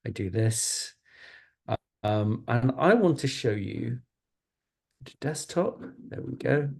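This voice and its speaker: A man reading a picture book aloud to children over a video call, gentle and chatty, with playful asides. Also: medium pitch, animated, slow pace, vocal fry.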